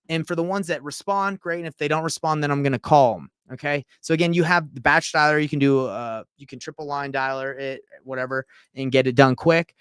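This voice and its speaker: A man's voice: on the high side, fairly bright tone, smooth, dry recording, clean studio sound. A man in his thirties from Utah, teaching on a live stream in a casual, chatty way and reading out text messages. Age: 30s. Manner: casual, chatty, reads texts aloud and reacts. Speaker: real estate coach. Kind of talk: live-streamed screen-share tutorial.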